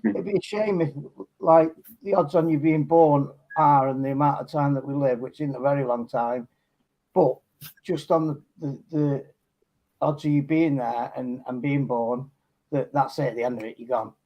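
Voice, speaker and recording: A Scottish man, a guest, talking earnestly in a halting way. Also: medium pitch, lo-fi sound. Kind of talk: casual chat.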